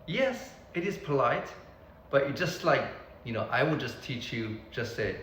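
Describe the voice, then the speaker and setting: A man teaching beginners Mandarin, repeating each word slowly so learners can copy it. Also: medium pitch, expressive, a bit bright, roomy sound, slight background noise, rough recording. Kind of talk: beginner language lesson.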